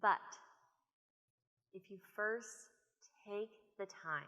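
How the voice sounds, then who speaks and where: An American woman speaker giving an animated, storytelling conference talk from a stage. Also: medium pitch, extremely slow. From United States. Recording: long reverb of a conference hall.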